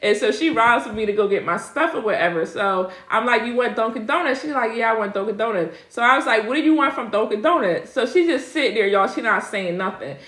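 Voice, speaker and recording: A woman's voice: on the high side, expressive, fairly quick, hardly any pauses, fairly bright tone, reverberant. A middle-aged woman hosting a casual live Q&A as a spiritual reader, chatty and laughing as she talks straight to her viewers.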